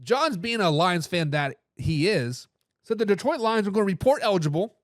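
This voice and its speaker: A high-voiced man hosts a live football talk show, chatting casually and animatedly at a moderate pace. Reading out comments from viewers, this sports talk host keeps restarting phrases and sprinkling in slangy catchphrases. There's no room echo; the sound is dry and close-miked.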